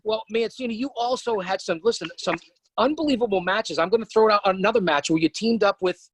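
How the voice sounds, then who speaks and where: A man's voice: high-pitched, a little fast, breathy edge, no room sound, poor audio. A man hosting a podcast, asking questions in a hyped-up, theatrical way. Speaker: podcast host, interviewer. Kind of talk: casual podcast interview.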